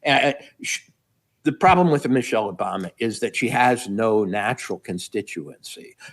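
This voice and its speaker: A man's voice: fairly low pitch, expressive, moderate pace, a bit bright. A middle-aged man giving political commentary as a guest, wry and meandering, piling up repeated phrases.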